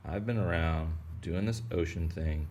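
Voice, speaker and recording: A man's voice: deep voice, unhurried, darkish tone, a little hiss or hum. A man voicing a majestic old bearded whale in a laid-back drawl.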